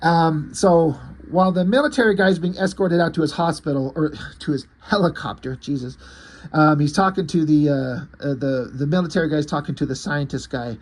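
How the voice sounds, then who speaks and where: A man reviewing a comic book, rambling through the plot in a halting, casual way with many fillers and restarts. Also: on the high side, darkish tone.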